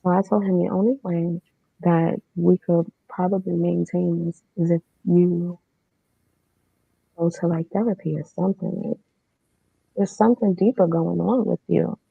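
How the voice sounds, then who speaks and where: A woman's voice: on the low side, fairly even intonation, measured pace, vocal fry, husky, no echo. A woman telling her own story as a guest, in a candid, matter-of-fact way with casual fillers. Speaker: podcast guest. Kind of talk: personal storytelling. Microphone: remote streaming setup. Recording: dull lo-fi online stream.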